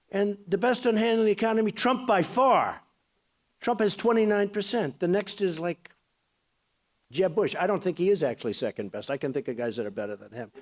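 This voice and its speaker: A man in his sixties giving a campaign speech as a political candidate, boastful and rambling in a conversational way. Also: high-pitched.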